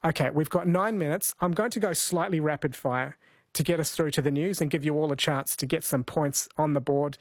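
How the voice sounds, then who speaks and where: Chatty radio quiz host. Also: male voice, fairly high pitch, fairly quick, dry recording. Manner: friendly, chatty, laughs easily. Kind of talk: casual late-night radio chat.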